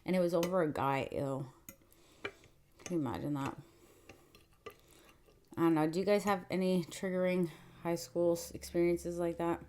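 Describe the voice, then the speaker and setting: Chatty young woman, low-pitched voice. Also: steady tone, normal speed, pauses often, mellow, slight background noise. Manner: chatty, full of fillers, acts out quotes. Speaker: mukbang vlogger. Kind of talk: casual storytelling chat.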